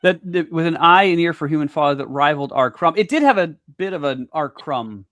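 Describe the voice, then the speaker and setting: A man co-hosts a podcast in relaxed chat, and his pitch swings up and down a great deal. He reacts to each item with quick, expressive exclamations. The sound is dry and close. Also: no echo. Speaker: podcast co-host. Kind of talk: casual chat.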